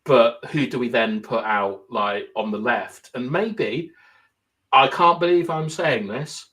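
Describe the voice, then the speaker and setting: A man's voice: mid-range voice, takes it slowly, fairly bright tone. A young man co-hosting a casual football podcast, explaining tactics at length and thinking aloud with lots of fillers. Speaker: podcast co-host.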